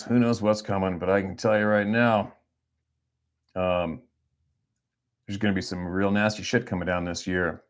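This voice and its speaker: A middle-aged man, talking off the cuff on a livestream, rambling and blunt and swearing freely. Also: fairly low pitch. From Canada. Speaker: hunting guide and livestream host. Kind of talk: casual livestream chat.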